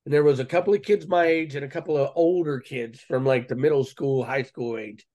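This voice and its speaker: A man's voice: mid-range voice, fairly quick, dark tone. A man, a guest on a podcast interview, telling a personal story in a casual, earnest and slangy way with frequent restarts.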